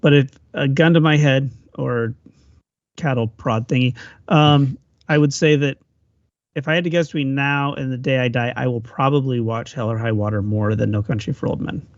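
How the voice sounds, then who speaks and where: A man co-hosting a podcast, musing on films with thoughtful pauses. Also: medium pitch, fairly even intonation, no echo. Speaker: podcast co-host. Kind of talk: casual film discussion. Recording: dull, dry lo-fi audio.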